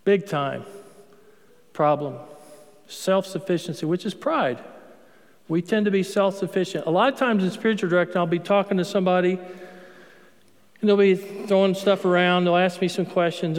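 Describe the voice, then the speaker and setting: A priest giving a sermon in an emphatic, conversational way, repeating words for effect. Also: male voice, high-pitched, moderate pace, long pauses. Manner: conversational preaching, emphatic repetition. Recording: long hall reverb.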